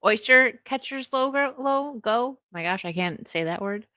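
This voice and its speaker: A woman's voice: fairly high pitch, animated, unhurried, pushed and bright, no echo, clean studio sound. A woman hosting a casual livestream chat, reading out donations with giggly asides.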